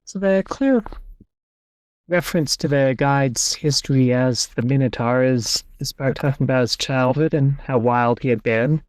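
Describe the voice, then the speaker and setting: A man's voice: medium pitch, normal speed, darkish tone, no echo. A man hosting a podcast over an online call. He reads passages aloud and reasons through them in a casual, thinking-aloud way. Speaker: podcast host. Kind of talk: casual discussion and reading aloud.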